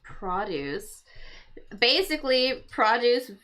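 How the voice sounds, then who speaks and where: A woman's voice: fairly high pitch, big pitch swings, slow pace, a bit bright. A woman hosting a casual crossword livestream for English learners, thinking aloud and explaining word meanings patiently.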